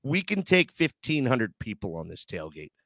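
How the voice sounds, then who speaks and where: A man's voice: medium pitch, huge pitch swings, normal speed, creaky, fairly bright tone, no echo. A man hosting a casual live chat show, joking crudely and getting sentimental with his audience. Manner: joking, crude banter, emotional asides. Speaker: podcast host.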